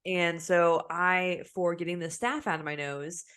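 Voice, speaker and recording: A woman's voice: fairly low pitch, measured pace, clean tone. A young woman co-hosting a podcast, telling a story with lots of laughter and acted-out voices. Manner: animated storyteller, acts out voices, laughs often. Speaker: podcast co-host. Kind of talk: casual chat.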